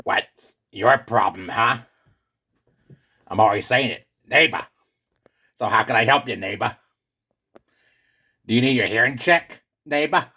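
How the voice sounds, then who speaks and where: A man voicing a boastful male pizza character with a husky, gravelly voice in a comedy skit. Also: animated, measured pace, long pauses, sharp tone, full character voice. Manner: booming, theatrical, insistent. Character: boastful male pizza character, self-styled great one.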